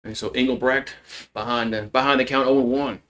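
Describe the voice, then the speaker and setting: A man calling a softball game play by play on a live stream from home, in a casual, chatty way. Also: medium pitch, fairly even intonation, fairly quick. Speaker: play-by-play commentator. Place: at home with a barking dog.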